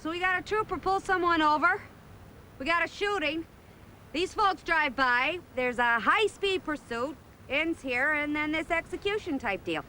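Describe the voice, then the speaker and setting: An actress playing a pregnant small-town police chief with a Minnesotan accent, folksy and politely firm. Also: female voice, high voice, expressive, moderate pace, pushed and bright, slight background noise. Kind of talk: film dialogue.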